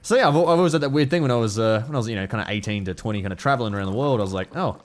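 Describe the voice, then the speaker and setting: A young Australian man with a practiced deep voice, commentating his gameplay casually, rambling, self-mocking and swearing freely. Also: racing. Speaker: gaming YouTuber.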